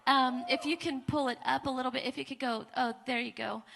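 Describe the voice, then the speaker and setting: A woman guest speaker telling her testimony at a church service, emphatic and repetitive, swinging from hushed to loud. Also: high-pitched, steady tone, a little fast, creaky. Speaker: guest speaker, ministry founder. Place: church sanctuary before a congregation. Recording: long hall reverb of a church.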